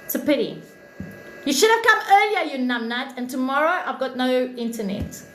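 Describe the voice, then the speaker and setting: A woman's voice: sits high, very animated, fairly quick, bright, forceful tone. A woman hosting a livestream, talking in an impassioned, blunt and profane way, preaching self-love and thanking viewers. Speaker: live stream host, spiritual reader. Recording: echoey room with faint noise.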